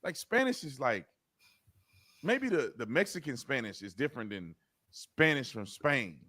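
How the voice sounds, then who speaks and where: A man giving casual commentary in a mocking, animated way, often stammering on his words. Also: medium pitch, a little slow, dry recording, studio quality. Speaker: commentator in played clip.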